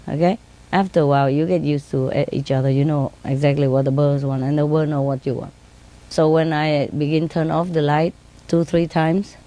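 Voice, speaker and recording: A woman telling casual stories in simple, broken English, laughing often and mimicking her birds in high sing-song tones. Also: warm tone. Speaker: speaker telling stories about her pets. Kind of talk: casual storytelling.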